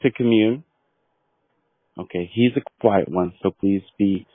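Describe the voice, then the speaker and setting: A man making a prank phone call, talking slowly in a mystical, deadpan way that breaks into angry swearing. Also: on the low side, dry recording. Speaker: prank caller. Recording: tinny phone line.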